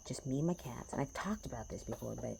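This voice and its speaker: A woman's voice: a bass voice, animated, fast, creaky, background noise. A woman who reads tarot, talking to her viewers in a passionate, rambling and profane way, at home in a small house in the woods. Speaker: tarot reader. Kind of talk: casual vlog talk to viewers.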